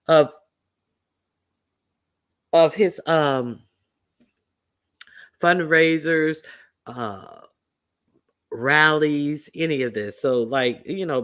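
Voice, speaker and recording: A man's voice: on the high side, a bit bright. A man hosting a casual livestream, talking loosely with many fillers and restarts. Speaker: livestream host.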